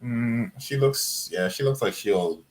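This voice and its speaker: A man panelist on a live chat, easygoing, with halting starts. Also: medium pitch. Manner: hesitant, easygoing.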